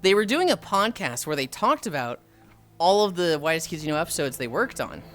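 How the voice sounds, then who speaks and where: A young woman livestreamer chatting casually, animated, swearing freely and acting out quotes. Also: low-pitched, brisk, soft background music. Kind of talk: casual chat.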